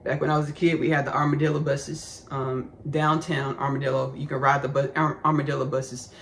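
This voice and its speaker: Gravelly Texan country-accented man. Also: a little high, little pitch movement, a little fast, fairly bright tone, a little hiss or hum. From Austin, Texas. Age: 30s. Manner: rambling and effusive, peppered with "baby" and "y'all". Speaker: podcast host. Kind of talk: spiritual podcast monologue.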